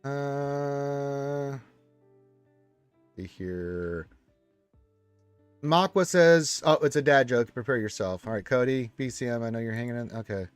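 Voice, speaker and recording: A man's voice: mid-range voice, animated, takes it slowly, long pauses, clean tone, dry recording, soft background music. Man hosting a casual live stream. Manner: reads viewer comments aloud and chats back. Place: room with a wall of action figures.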